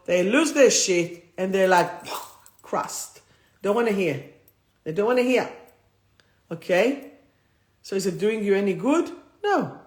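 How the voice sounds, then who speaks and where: A woman hosting a live stream as a spiritual coach, reading out cards and repeating affirmations with emphasis. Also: medium pitch. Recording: roomy echo.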